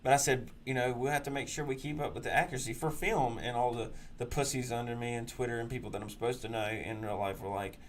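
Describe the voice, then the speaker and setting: A man's voice: medium pitch, fairly even intonation, fast talker, hardly any pauses, slight background noise. A man hosting a political talk show, ranting crudely and mocking people in sneering put-on voices. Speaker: podcast host.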